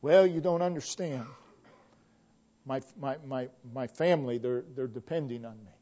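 A man's voice: medium pitch, warm tone, natural voice. A man preaching, putting on a worried male churchgoer who stammers and pleads hardship. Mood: pleading. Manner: halting, stammering. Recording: dull lo-fi recording.

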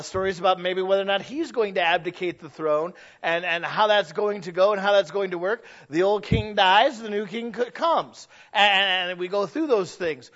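Man, pastor, high voice, emphatic, conversational sermon, muffled lo-fi sound. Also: a bit bright. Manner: conversational, emphatic preaching with restarts. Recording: dull lo-fi sound.

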